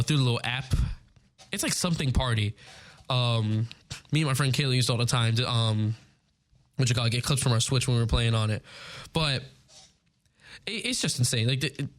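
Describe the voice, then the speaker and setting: Excitable rambling young man. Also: mid-range voice. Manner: excitable, rambling, stumbles over words. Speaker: show host. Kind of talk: casual chat, news recap.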